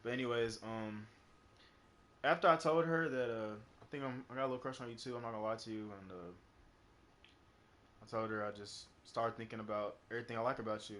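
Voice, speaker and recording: A man's voice: on the low side, little pitch movement, quick pace, a bit bright. A young man streaming live, telling a personal story in a rambling, casual way full of fillers and swearing. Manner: rambling, heavy on fillers and profanity.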